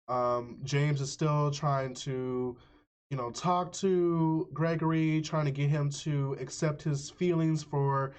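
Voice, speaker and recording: A man streaming live, casually recapping a movie's plot in slangy, profane, animated storytelling. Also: a little high, slow, clear, resonant tone. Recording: slightly muffled lo-fi audio.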